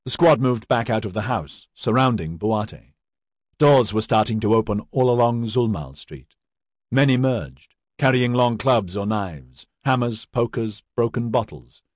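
A man giving a scripted audiobook narration in a steady, even storytelling manner. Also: mid-range voice, measured pace, no echo, clean studio sound.

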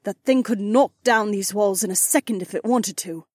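A man's voice: sits high, moderate pace, a little mellow, no room sound, clean studio sound, voice pushed up. A man voicing an earnest, worried young woman survivor in an audiobook. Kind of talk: audiobook character voice.

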